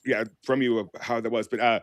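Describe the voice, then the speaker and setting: Quick-talking male host, dry sound. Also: mid-range voice, level tone, no room sound. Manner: eager, quick questions. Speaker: interview host. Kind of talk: casual interview chat.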